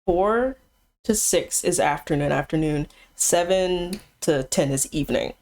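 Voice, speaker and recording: A woman's voice: on the low side, a little slow, darkish tone. A woman chatting casually on a live stream, teasing her co-host bluntly and laughing often.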